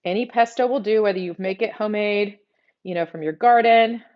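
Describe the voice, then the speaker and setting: A woman's voice: mid-range voice, fairly quick, lo-fi sound. A middle-aged woman from South Texas with a Texas accent, hosting a live cooking demo from her home kitchen and chatting straight to her viewers. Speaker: cooking show host.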